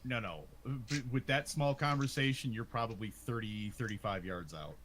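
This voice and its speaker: A man's voice: on the low side, normal speed, background noise. A man narrating as game master, hesitant, with many ums and uhs.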